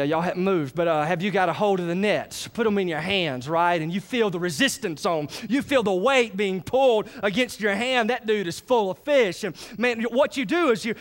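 A man preaches in a high, bright-pitched voice. He is animated and folksy, often stopping to check that the congregation is with him. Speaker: pastor. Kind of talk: sermon.

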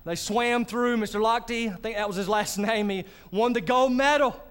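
High clear-voiced preaching man. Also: moderate pace, a bit bright. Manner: conversational preaching with asides to the congregation. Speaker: pastor. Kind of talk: sermon. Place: church sanctuary.

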